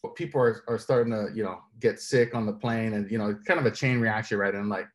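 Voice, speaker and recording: A man being interviewed, telling stories in an animated way and laughing often. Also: lowish voice, quick pace, hardly any pauses. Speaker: interview guest. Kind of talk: casual storytelling interview.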